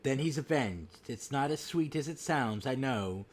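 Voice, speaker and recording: A man's voice: mid-range voice, expressive, unhurried. A man voicing a ghostly male pirate and former nobleman, in mock-archaic pirate speech, while reading comic dialogue aloud. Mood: grim.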